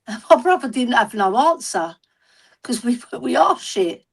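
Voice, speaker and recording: A woman's voice: on the high side, sing-song, unhurried, vocal fry, husky. A woman chatting on a livestream, telling a story and often asking "right?" as she goes. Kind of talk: casual livestream chat.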